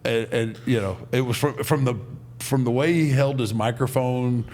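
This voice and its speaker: An older man hosting a podcast, stumbling through restarts and chuckling in casual chat. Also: mid-range voice. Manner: halting, stammering restarts with chuckles. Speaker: podcast host. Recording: loud background noise.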